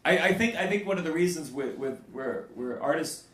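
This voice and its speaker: A man doing stand-up crowd work, stammering through restarts before loud punchlines. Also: on the high side, lively intonation, a little fast. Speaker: stand-up comedian. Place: live comedy club with audience. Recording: roomy live club, crowd noise. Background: audience laughter.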